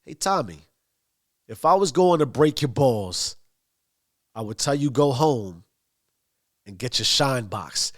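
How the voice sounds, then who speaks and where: A man's voice: a little high, sing-song, unhurried, long pauses, a little mellow. A man doing a mocking older mobster. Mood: needling. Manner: nonchalant, needling.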